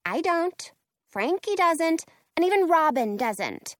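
A woman's voice: very high-pitched, big pitch swings, slow, no room sound, studio quality, pitched above the performer's own voice, exaggerated voice. A woman voicing a bossy schoolgirl who is vain about her art, speaking in a sassy, dismissive way.

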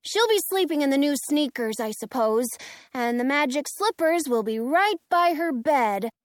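A woman's voice: sits high, lively intonation, normal speed, no room sound, studio quality, voice pushed up. A woman reading aloud voices a polite Munchkin guard, speaking earnestly and dropping hints.

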